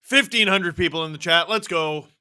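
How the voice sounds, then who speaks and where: Bright-voiced man chatting through a live game. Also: sits high, moderate pace, clear, resonant tone, no room sound, clean studio sound. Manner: chatty, reacting to the game and chat as it happens. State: voice worn deeper from long streaming. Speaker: live-stream host watching a hockey game. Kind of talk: casual live play-by-play and chat.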